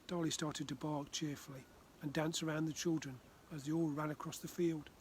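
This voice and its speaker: A man from the Far North of Scotland reading his children's book aloud, gently. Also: on the high side, flat delivery, a little fast, a little hiss or hum. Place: outdoors by a frozen loch.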